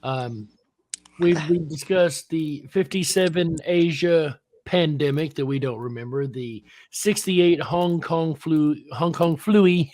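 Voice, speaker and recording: A man's voice: a little high, a little mellow, dry recording. A man hosting a casual panel chat, laid-back and full of fillers. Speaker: host.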